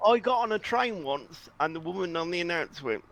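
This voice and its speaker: An excitable man telling short funny stories and bursting into laughter during comedic banter. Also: sits high, a little fast, gravelly, low-quality recording.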